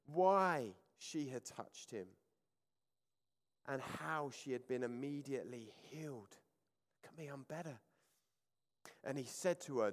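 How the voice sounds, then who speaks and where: A man delivers a sermon at a mid pitch. He reads scripture aloud with rising emphasis, then settles into calm, reflective explanation. His voice rings out with a long reverb, as in a church hall. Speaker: preacher.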